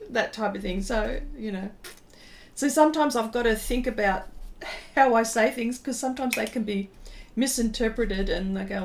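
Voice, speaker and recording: A woman's voice: fairly high pitch, unhurried. A middle-aged woman with an Australian accent, chatting casually to her live viewers while she draws, rambling and laughing often. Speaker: pastel artist streaming live. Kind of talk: casual livestream chat while drawing.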